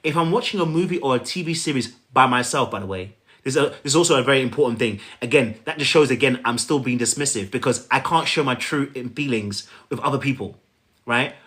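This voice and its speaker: A man giving relationship coaching, talking straight to the viewer in an animated, repetitive way. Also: mid-range voice, a little fast. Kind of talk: coaching talk to camera.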